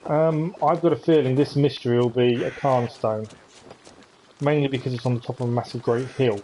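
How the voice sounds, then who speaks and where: A man's voice: mid-range voice, fairly even intonation, moderate pace, dark tone, a little hiss or hum, rough recording. A man chatting with viewers as he thinks aloud during a live-stream gameplay commentary.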